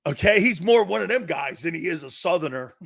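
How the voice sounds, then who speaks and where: Hosting a sports talk show, a northeastern American man in his fifties reads viewer comments with casual chatter and jokes. His slightly high voice is gravelly, with a bright, pushing edge; he talks fairly quickly, laughs readily, and keeps the energy up.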